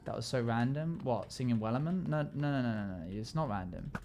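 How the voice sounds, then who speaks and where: A man's voice: mid-range voice, lively intonation, a little fast, a little hiss or hum. Jokey male game streamer. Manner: jokey, chatty, bursts into loud playful yells. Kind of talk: casual live-stream chat while gaming.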